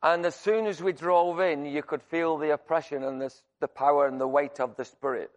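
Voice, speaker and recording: Animated preacher man telling a story. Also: on the high side, normal speed, highs cut off. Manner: conversational, animated storytelling with restarts; shouts to act out screaming. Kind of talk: sermon with personal story.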